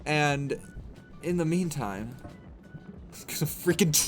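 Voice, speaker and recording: A man's voice: fairly high pitch, big pitch swings, normal speed, a little mellow, soft background music. A man streaming a game, talking to his chat in playful, self-mocking mini rants. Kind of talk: livestream gameplay commentary.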